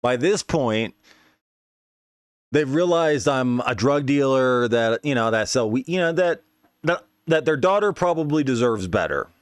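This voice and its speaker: A man's voice: medium pitch, lively intonation, measured pace, smooth, dry recording. Rambling, profane man spinning a yarn. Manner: leans on filler tags. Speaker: podcast host. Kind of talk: casual storytelling.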